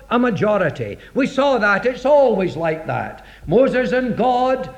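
Male preacher, high and very animated delivery, rhetorical sermon style, dull lo-fi sound. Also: takes it slowly, hardly any pauses. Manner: dramatic, rhetorical, acts out voices of scripture. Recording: dull lo-fi recording.

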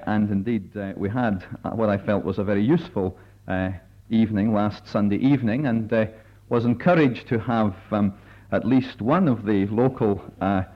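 A man leading a Bible study meeting, speaking in a careful, measured way with many filler pauses as he reads and explains passages. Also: fairly low pitch. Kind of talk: measured sermon-style talk with readings. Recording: dull lo-fi recording.

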